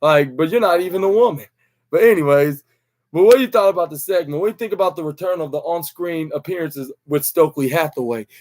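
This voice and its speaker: Young guy rambling thru a wrestling recap, kinda high voice, lots of uh and like. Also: quick pace, darkish tone, slight background noise. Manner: rambling, many fillers and restarts, acts out quotes. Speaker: podcast host.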